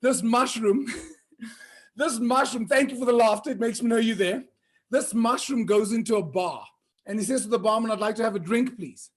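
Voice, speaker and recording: A man hosting a virtual conference, telling jokes with lively acted-out voices and shouted punchlines. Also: very high voice, moderate pace. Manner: animated, shouts punchlines and acts out characters.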